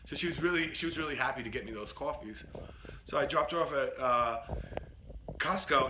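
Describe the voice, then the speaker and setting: Chatty man with a bright, sharp voice. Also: mid-range voice, moderate pace, a little hiss or hum. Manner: chatty, full of "like" and "you know". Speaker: rideshare driver. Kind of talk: casual storytelling.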